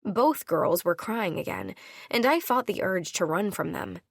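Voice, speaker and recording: A woman reading a first-person audiobook, voicing each character with her own shifts in pitch. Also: huge pitch swings, a little slow, vocal fry, slightly rough, dry recording, studio quality. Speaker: audiobook narrator.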